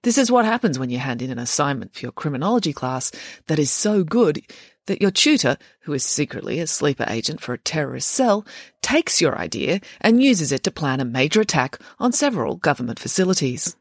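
An audiobook narrator, reading a story in an expressive, wry way. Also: mid-range voice, fairly quick, no room sound, clean studio sound.

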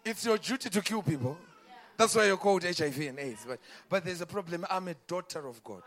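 Man, preacher, high voice, bright tone, shouted peaks, sermon. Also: lively intonation, quick pace. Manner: swings from low talk to loud shouted preaching.

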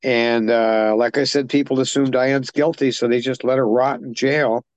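Male podcast co-host, mid-pitched, chatty plot recap, loose and rambling, dry close mic. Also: fairly even intonation, moderate pace, no room sound, highs cut off. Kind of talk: casual film discussion.

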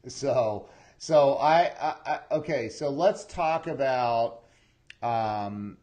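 A man hosting a podcast interview, asking questions in a halting, repetitive way with many fillers. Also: medium pitch, background noise. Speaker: podcast host. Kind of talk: casual interview chat.

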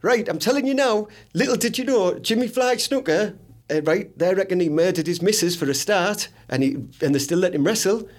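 A man chats in a slangy, easygoing way as a podcast co-host, laughing often between stories. His voice sits high for a man. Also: animated, a little fast. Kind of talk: casual banter.

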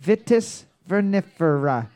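Loud, joking quizmaster with a bright high voice, working a bar crowd. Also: male voice, expressive, slow pace. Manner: brash, swearing, joking, bellowing calls. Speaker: trivia quizmaster. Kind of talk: live pub trivia hosting.

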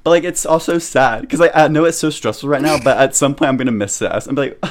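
A young man in his twenties co-hosting a podcast, chatting casually and excitedly, laughing often. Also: medium pitch, fast. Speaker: podcast co-host. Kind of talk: casual chat.

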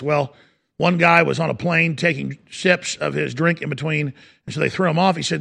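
A male talk radio host delivering a heated, rapid-fire rant, breaking into quick impressions. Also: on the high side, vocal fry, pushed and bright.

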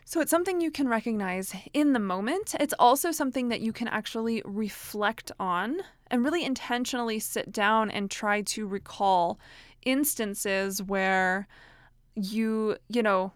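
A woman's voice: fairly high pitch, unhurried, no room sound. Woman, thirties, casual advice talk, chatty with lots of ums, dry close-miked sound. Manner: chatty, many fillers and restarts, frequent laughs.

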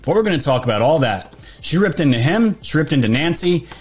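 A man hosting a live commentary stream, talking in an animated way and thanking viewers for their gifts. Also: on the high side, brisk, slightly rough, lo-fi sound, soft background music. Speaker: livestream host.

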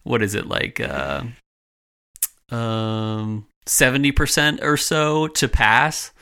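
A young man co-hosting a podcast, chatting in a relaxed, rambling way with lots of fillers. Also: medium pitch, takes it slowly, vocal fry, clean tone. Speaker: podcast co-host. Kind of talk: casual chat.

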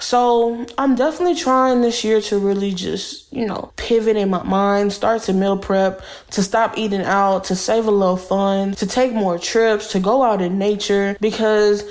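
A woman's voice: mid-range voice, darkish tone. Woman, podcast host, casual solo monologue, blunt, candid, slangy, chatty.

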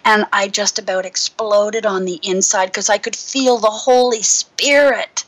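A middle-aged woman minister, a guest on a talk show, sharing a personal testimony in a casual, lively storytelling way. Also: mid-range voice, unhurried, poor audio. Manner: lively storyteller who acts out her own past thoughts.

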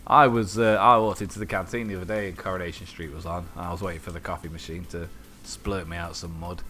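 A man in casual chat as a podcast co-host, telling stories in an animated way, swearing freely and acting out the voices of people he quotes. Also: deep voice, quick pace, faint music behind.

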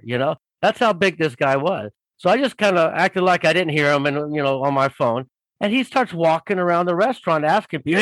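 A man spins a long anecdote as a guest author, rambling and full of fillers. His voice sits a little high and the sound is dry and close. He tells it in a loose, casual way. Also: a little fast, no room sound, low-quality recording. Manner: rambling, animated storyteller with many fillers. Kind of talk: casual storytelling.

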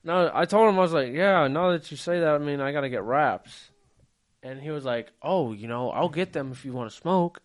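A man's voice: fairly high pitch, moderate pace. A man co-hosting a podcast, telling a story in casual chat, acting out quotes and swearing freely. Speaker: podcast co-host.

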